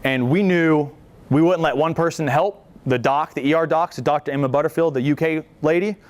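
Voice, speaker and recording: Smooth-voiced man telling a story. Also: on the high side, moderate pace. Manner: casual, joking storyteller, acts out quotes. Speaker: veteran speaker at a library talk. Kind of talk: storytelling presentation.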